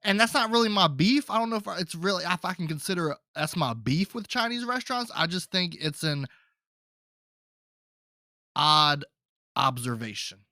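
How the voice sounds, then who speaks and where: A man's voice: high-pitched, expressive, normal speed, pauses often, bright, forceful tone, no echo, clean studio sound. A man hosting his own podcast, talking to listeners in a loose, rambling way and calling them folks. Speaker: podcast host. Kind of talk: casual solo podcast chat.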